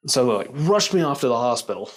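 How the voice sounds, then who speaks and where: A man casually telling a personal story, animated and full of fillers, laughing along as he goes. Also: medium pitch, quick pace. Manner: animated, acts out quoted lines, filler-heavy.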